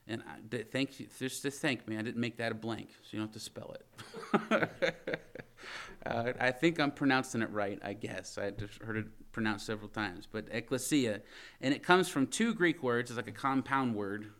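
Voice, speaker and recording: In a church sanctuary, a male pastor delivers a conversational sermon, reading scripture and frequently posing questions to his congregation. His voice is medium in pitch with a fairly bright tone.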